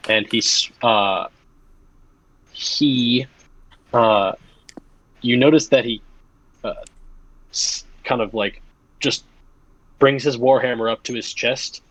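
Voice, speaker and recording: A man's voice: mid-range voice, a bit bright, no room sound, poor audio. Rambling young man running a tabletop game. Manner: rambling, many fillers and restarts. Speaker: game master. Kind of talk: casual game narration.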